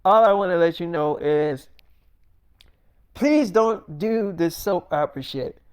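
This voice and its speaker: A man's voice: high-pitched, measured pace, clean tone. A man voicing weary TV producers who speak in a blunt, profane, matter-of-fact way, in an improvised spoken story.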